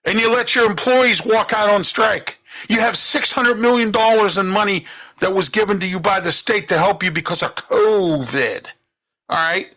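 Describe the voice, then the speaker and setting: A man's voice: sits high, normal speed, pushed and bright, dull audio. A man, hosting a talk show and delivering an indignant political monologue, ending phrases with "okay?". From Pittsburgh area. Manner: ranting, indignant, repeats "okay?" and "all right?".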